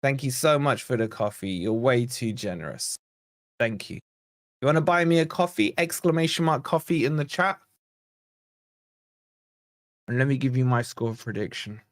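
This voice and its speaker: At a brisk clip and medium pitch, an English host chats through a live football watch-along, excitably reading viewer chat aloud for his fan channel. It's studio-quality sound with no room noise.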